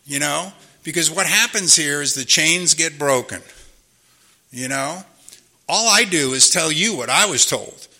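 An older man with a gravelly voice tells his recovery story to a meeting. His tone is sharp and bright, and he sits a little high in pitch. He talks earnestly and keeps checking in with the room. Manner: earnest storytelling, repeats himself, frequent "you know?". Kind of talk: personal testimony talk.

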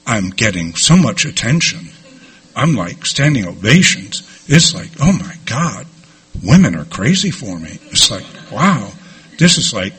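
A middle-aged man telling his own recovery story to a group, candid and lively, with asides to the listeners. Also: medium pitch, slightly rough. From New York. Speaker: recovery speaker. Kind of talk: personal recovery talk to a group.

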